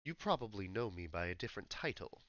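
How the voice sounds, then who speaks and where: A man voicing an older male high elf spymaster, putting on a posh English accent and speaking in a measured, quiet way. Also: sing-song, no room sound, dull audio. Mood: suave.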